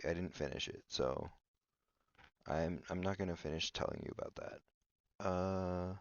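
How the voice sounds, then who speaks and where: Male podcast host, deep and slow, rambling comedic monologue, dull lo-fi dry sound. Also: no echo. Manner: hesitant, filler-heavy, restarts often.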